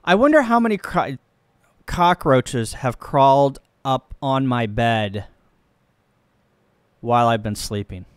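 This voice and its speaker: A man from Missouri, a ham radio operator, chatting casually and joking on a live stream while he works the radio and thinks out loud. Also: medium pitch, animated, slow pace, pauses often, clear, resonant tone, no room sound. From Missouri, USA.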